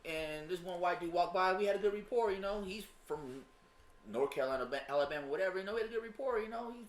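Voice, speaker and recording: A man with a Southern US accent, co-hosting a podcast, telling stories in a profane, animated way. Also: sits high, fast talker, echoey room. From Denver, USA. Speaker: podcast co-host. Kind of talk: casual podcast chat.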